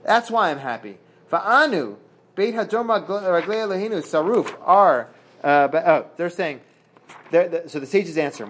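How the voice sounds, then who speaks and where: A man with a slightly high-pitched voice leads a relaxed Talmud study session. He reads out Hebrew and Aramaic lines and then explains them in plain English. His delivery is halting, full of "uh" and repeated words. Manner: halting, many fillers and restarts, reads Hebrew then translates. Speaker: Talmud teacher. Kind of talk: casual daf study lesson.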